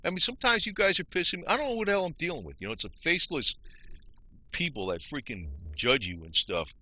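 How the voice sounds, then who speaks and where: A man's voice: on the high side, big pitch swings, fast, sharp tone. A man rambling frustratedly to his viewers, explaining things on his screen. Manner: rambling, frustrated, talks to viewers as "you guys". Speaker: vlogger. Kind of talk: rambling screen-share rant.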